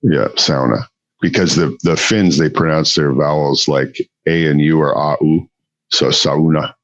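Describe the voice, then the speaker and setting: A man's voice: rumbling low, steady tone, normal speed, no echo, lo-fi sound. A man from the Upper Midwest, chatting casually on a podcast in a laid-back way, with lots of easy yeps and mm-hmms. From Upper Midwest US near the Canadian border. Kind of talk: casual chat.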